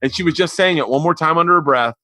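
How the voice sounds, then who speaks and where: A man's voice: on the high side, quick pace, pushed and bright, no room sound. A man hosting a podcast, telling family stories in casual chat, laughing easily and calling his guest dude. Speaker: podcast host.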